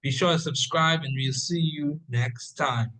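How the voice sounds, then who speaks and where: A man's voice: fairly high pitch, a little slow, sharp tone, low-quality recording. A man hosting a podcast interview, giving brief affirmations and a polite sign-off. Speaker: podcast host.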